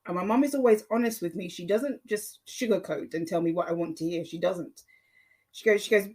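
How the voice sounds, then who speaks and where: A woman's voice: on the low side, normal speed, a little mellow. A woman talking casually to her subscribers in a chatty, emphatic, rambling way, full of fillers. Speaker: YouTuber addressing subscribers. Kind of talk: casual vlog monologue.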